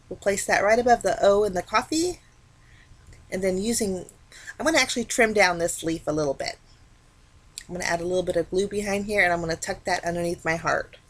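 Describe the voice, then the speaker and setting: A woman talking casually through a card-making tutorial, explaining each step in a relaxed, chatty way. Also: medium pitch. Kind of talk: casual craft tutorial narration.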